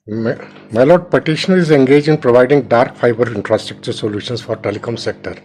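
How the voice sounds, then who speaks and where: A man's voice: medium pitch, fast talker, a little mellow, poor audio. A man with an Indian English accent arguing a case in court as an advocate. He reads legal clauses aloud, addresses the bench with deference, and sometimes halts and restarts words. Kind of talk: formal courtroom argument.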